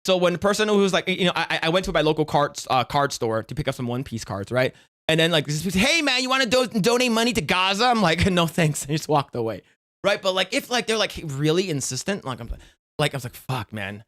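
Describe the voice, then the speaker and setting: A man's voice: fairly high pitch, lively intonation, fast talker, a bit bright. A man hosting a stream, reacting and telling stories in casual, rambling, profane chat full of fillers. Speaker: streamer host.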